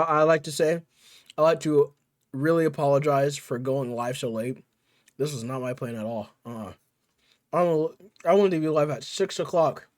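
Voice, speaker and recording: A man's voice: fairly high pitch, dry recording, studio quality. A man streaming live, chatting casually with his viewers in playful, rambling trash talk. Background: faint music.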